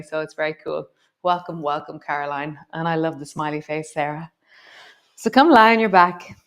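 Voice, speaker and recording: Leading a live guided yoga class, a woman gives gentle, encouraging movement cues mixed with chatty asides. Her voice sits low, and she slows and softens it as she walks students through each move.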